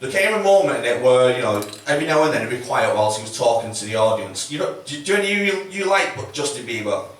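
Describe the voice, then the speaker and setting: Chatty comic, echoey room. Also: male voice, medium pitch, sing-song, quick pace, few pauses. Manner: chatty, swearing, self-mocking, acts out quotes. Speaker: stand-up comedian. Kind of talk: stand-up comedy set. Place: comedy club stage. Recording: echoey room, mic from a distance, faint noise.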